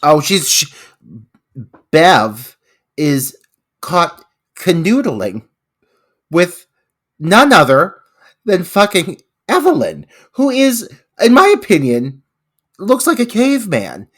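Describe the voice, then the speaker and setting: A man's voice: high-pitched, huge pitch swings, slow, pauses often, a bit bright. A man co-hosting a podcast, ranting about a film in an exasperated, profane, comic way. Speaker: podcast co-host. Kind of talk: casual movie recap chat.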